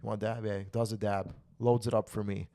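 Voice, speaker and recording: A man's voice: fairly low pitch, little pitch movement, quick pace, warm tone. Profane man telling a rambling story. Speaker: podcast co-host. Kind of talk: casual chat, storytelling.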